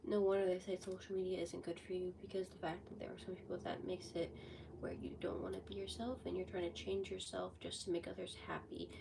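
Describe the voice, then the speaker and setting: A sixteen-year-old girl chatting casually on a livestream, rambling with lots of "like", her voice a bit hoarse from a cold. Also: fairly low pitch, level tone, fast talker, far from the mic, background noise. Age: teens. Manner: rambling, heavy use of "like". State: sick with a cold, voice going hoarse. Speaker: livestreamer answering chat.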